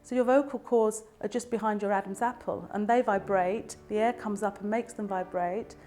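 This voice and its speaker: A woman, a speech and language therapist, explaining voice problems in a calm, clear and measured way. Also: medium pitch, soft background music. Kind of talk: explanatory educational talk to camera.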